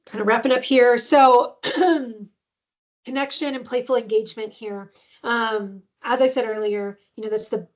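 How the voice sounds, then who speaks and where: A woman giving a parenting webinar in a conversational way, with many fillers and sudden playful sing-song bits. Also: medium pitch. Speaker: webinar presenter on adoptive parenting. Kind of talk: instructional webinar talk.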